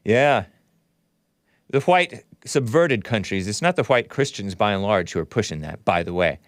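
A man's voice: fairly low pitch, animated, moderate pace, no echo, studio quality. A man hosting a livestream show, reading viewer chats aloud and giving blunt, opinionated commentary as he thinks aloud.

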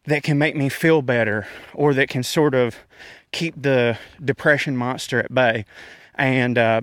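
A man's voice: mid-range voice, a bit bright, clean tone, no room sound, clean studio sound. Out-of-breath man ranting while walking. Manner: rambling, self-deprecating, frequent laughs. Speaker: comedian podcast host. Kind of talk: casual rant. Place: outdoors in a park, walking.

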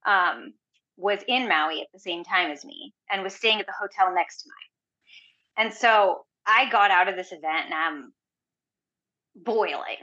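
Woman guest rambling chattily, says like a lot, bright voice, kinda dull lo-fi audio. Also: mid-range voice. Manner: chatty, heavy use of "like", animated retelling. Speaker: podcast guest. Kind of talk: casual conversational storytelling.

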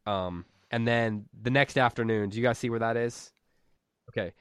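A man's voice: medium pitch, fairly even intonation, normal speed, a bit bright, smooth, no room sound, clean studio sound. A man teaching literature, leading a class discussion over a video call and thinking aloud with fillers.

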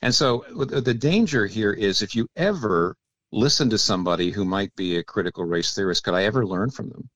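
Very low male voice, dry close sound; a thoughtful theologian who lectures gently while being interviewed. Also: lively intonation, no echo, muffled recording. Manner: measured, teacherly, often drops to a quiet aside. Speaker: theologian guest. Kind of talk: explanatory interview talk.

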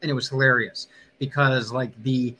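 A man's voice: mid-range voice, steady tone, moderate pace, pushed and bright, slight background noise. A man who used to teach history, a guest in a casual interview, speaking in a joking, fired-up, plain-spoken way.

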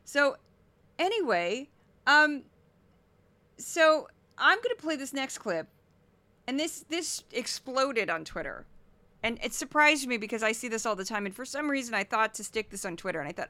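Animated, sarcastic woman podcaster. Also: on the high side, normal speed, dry recording. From Missouri. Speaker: podcast host. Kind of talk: solo commentary podcast.

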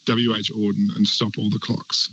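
A man's voice: fairly low pitch, level tone, normal speed, a bit bright, no echo. A man speaking as a guest commentator in a casual radio chat, enthusiastic, with frequent restarts. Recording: dull lo-fi line.

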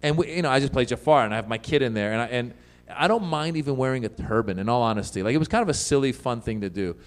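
A man's voice: medium pitch, animated, rapid-fire. A middle-aged man from the United States, a comedian guesting on an interview show, telling stories animatedly, laughing often and acting out voices.

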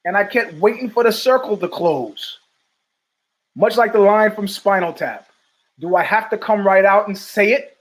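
A man with a high-pitched voice hosts his own show, rambling through stories in a casual monologue. He acts out the other people's lines, laughs often and keeps an animated, loose delivery. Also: measured pace, long pauses, rough recording. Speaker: podcast host.

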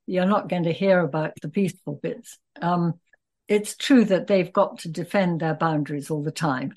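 An older British woman, a scholar guest in an interview, wry and matter-of-fact. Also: deep voice. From Britain. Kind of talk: casual interview conversation.

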